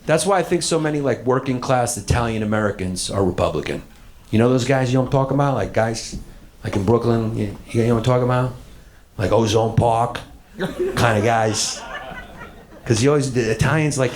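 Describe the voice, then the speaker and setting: A man doing a stand-up routine, loud and profane, jumping into shouted rants. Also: mid-range voice, fairly quick. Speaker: stand-up comedian. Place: comedy club stage. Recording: live stage with crowd laughter and ambient noise.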